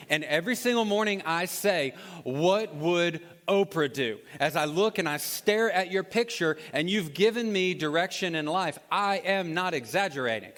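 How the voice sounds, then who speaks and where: Male pastor, high-pitched, chatty storytelling sermon, reverberant hall sound. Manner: storytelling, animated and conversational. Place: church auditorium.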